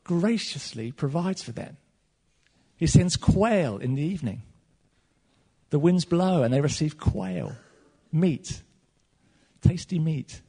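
A man preaches in a church hall, his voice high and a little husky. He swings between loud, animated stretches and soft, quiet asides. The sound has the long reverb of a large hall. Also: slow pace, long pauses. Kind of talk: sermon.

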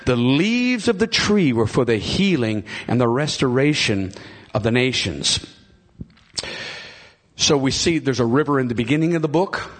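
A middle-aged man preaching a sermon, retelling a scripture story with excitement. He often repeats and restarts phrases and calls out to the congregation. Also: medium pitch, normal speed.

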